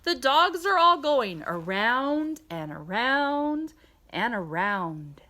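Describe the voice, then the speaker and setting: A woman reads a picture book aloud very slowly, her pitch leaping high and swooping low in an exaggerated sing-song storytime manner. Her tone is bright and clear, and she stops now and then to ask the listener questions. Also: big pitch swings. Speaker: children's book reader.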